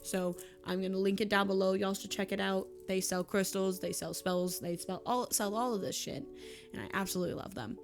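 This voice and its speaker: A woman's voice: mid-range voice, steady tone, fairly quick, over music. Gushing young woman with a drawl. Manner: emotional, gushing, laughs often. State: tearful. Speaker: YouTuber and streamer. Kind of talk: casual monthly vlog chat.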